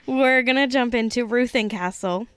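A woman's voice: on the high side, normal speed, clear, resonant tone. A woman co-hosting a podcast, tired and giggly, chatting casually and stumbling over names as she reads history. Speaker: podcast co-host. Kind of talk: casual chat and reading history. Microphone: close studio mic.

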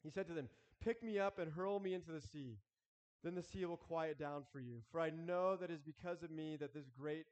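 A man preaching a sermon earnestly, with halting restarts, acting out prayers as he goes. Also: on the high side, in a large hall. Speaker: pastor.

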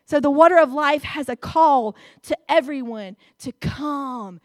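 Female preacher, high voice, slow and expressive delivery, soft approving hums, dry close sound. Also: dry recording. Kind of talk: sermon.

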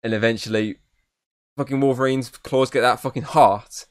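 A man's voice: mid-range voice, fairly even intonation, normal speed, no room sound, clean studio sound. A man co-hosting a film podcast, recapping scenes casually with lots of swearing and fillers. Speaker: podcast co-host. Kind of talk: casual film review chat. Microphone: podcast mic.

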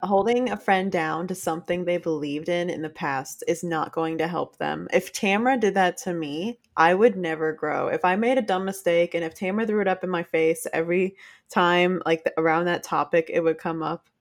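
A woman co-hosting a podcast in casual chat, chatty and laughing often, animated when she retells stories. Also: fairly low pitch, normal speed. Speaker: podcast co-host.

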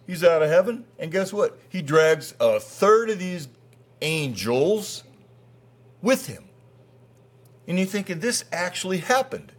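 A pastor preaches a folksy, conversational sermon in a fairly high, husky voice. He swings between loud emphasis and quiet asides.

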